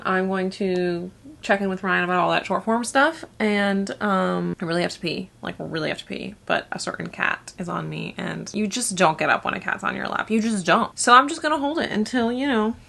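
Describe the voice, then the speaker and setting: A woman's voice: medium pitch, creaky, pushed and bright, rough recording. A young woman rambling casually in a home vlog, chatty and full of fillers and asides. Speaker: vlogger. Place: home kitchen.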